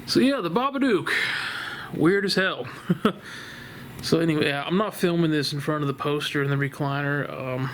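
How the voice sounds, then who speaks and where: Sitting on his living room couch, a vlogger gives a loose, casual review of a horror film, rambling off track, laughing, and swearing bluntly. His voice is a little high for a man, a bit bright and with vocal fry, and a faint hiss runs under the home recording.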